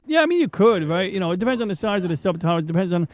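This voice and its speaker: Rambling New man, fairly high voice. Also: big pitch swings, racing, rough recording. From New York. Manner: rambling, digressive, swears freely, many fillers. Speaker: podcast host. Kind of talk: casual rambling chat.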